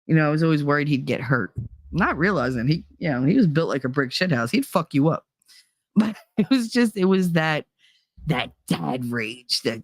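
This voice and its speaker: This female streamer's voice is fairly low and expressive, moving at normal speed in a dry, clean studio recording. Her livestream is a casual storytelling chat that wanders along, thick with "like" and "you know," punctuated by occasional laughter.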